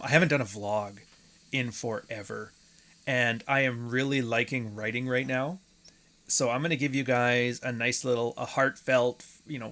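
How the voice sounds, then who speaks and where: Male podcast host, mid-pitched voice, rambling, profane, joking solo chat. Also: fairly bright tone. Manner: rambling, profane, jokey asides.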